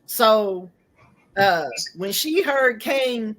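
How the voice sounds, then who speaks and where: A woman recaps a TV episode in loose casual chat. Her voice rises and falls widely as she acts out the scenes and swears freely. Her pitch sits slightly high for a woman. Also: extremely slow. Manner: animated storytelling, acts out quotes, swears freely. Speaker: host.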